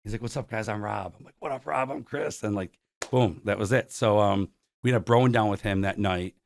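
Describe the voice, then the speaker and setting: A man in his forties from Buffalo, New York, a concert promoter, tells stories as a guest in a lowish, steady voice at a slightly fast clip. He acts out quoted lines and uses "like" a great deal. A little hiss or hum is audible.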